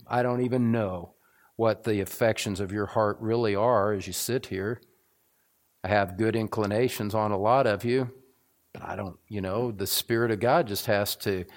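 A middle-aged man preaching a sermon as pastor, earnest and building to fervent, repetitive emphasis. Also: on the low side.

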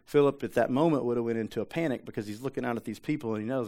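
A man's voice: mid-range voice, very fast, few pauses, mellow. A man, a pastor giving a conversational sermon, who drives points home with repetition and rhetorical questions.

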